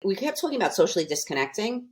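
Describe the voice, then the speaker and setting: A woman's voice: mid-range voice, sing-song, very fast. An older woman guest on a podcast, talking earnestly and emphatically, often restarting her sentences. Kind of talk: casual podcast conversation.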